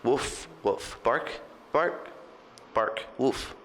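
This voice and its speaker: A man doing slow, deadpan dog barks. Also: lowish voice. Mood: goofy. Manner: deadpan, drawn-out barks and woofs. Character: goofy young man barking like a dog. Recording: long hall reverb with music behind.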